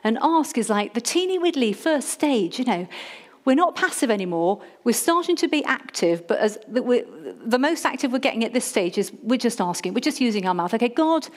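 Lively woman preaching a sermon. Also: on the high side, brisk. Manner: animated, humorous, calls on the congregation to repeat words. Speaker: church leader.

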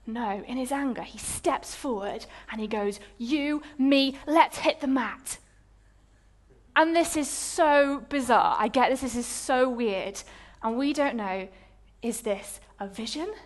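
Brief: high-pitched woman delivering a sermon with dramatic, storytelling flair. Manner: lively storytelling, dramatic pauses. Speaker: preacher.

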